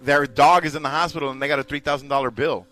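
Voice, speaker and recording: A man's voice: on the high side, steady tone, fast talker, bright, forceful tone. A man co-hosting a morning radio show, incredulous and jokey. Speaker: radio co-host.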